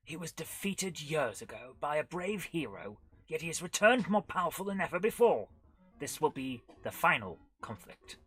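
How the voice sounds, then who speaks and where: A woman's voice: deep voice, very animated, moderate pace, a bit bright, slightly rough, full character voice. A woman reading as a solemn fairy-tale prince. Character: grave male fairy-tale prince giving a warning.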